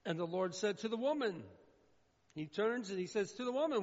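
A man preaching a sermon with emphatic delivery, his voice swinging from loud declarations to hushed low lines. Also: lively intonation, fairly quick. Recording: echoey hall with dull sound.

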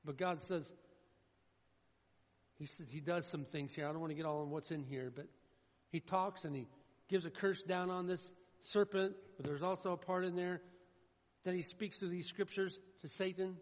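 A man preaching a sermon with emphatic delivery, his voice swinging from loud declarations to hushed low lines. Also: fairly even intonation, normal speed. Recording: echoey hall with dull sound.

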